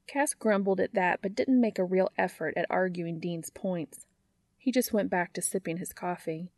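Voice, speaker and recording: A woman reads fan fiction aloud with wry, dry storytelling. Her voice is fairly low with a gravelly texture. The recording is close and dry, with no room sound. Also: normal speed, a little mellow, dry recording.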